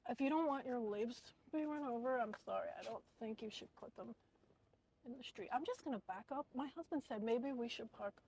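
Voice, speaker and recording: Animated woman telling a storytime in a car. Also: a little high, fairly quick, a little hiss or hum. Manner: animated, acts out quoted people. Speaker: vlogger. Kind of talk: casual storytime chat.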